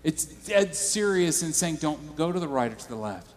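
A man's voice: on the high side, sing-song, moderate pace, darkish tone, long reverb tail. A male pastor preaching a sermon in a church, conversational and storytelling.

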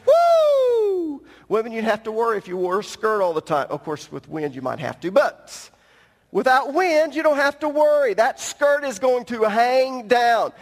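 Male pastor, high voice, emphatic teaching sermon, long hall reverb. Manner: emphatic, teaching, addresses congregation directly. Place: church sanctuary at the pulpit.

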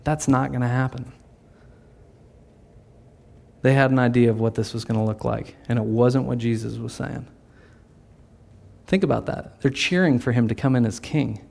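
A pastor delivers a conversational sermon, now and then acting out the voices of people in his story. His voice is medium-pitched with vocal fry and a darkish tone, at a moderate pace.

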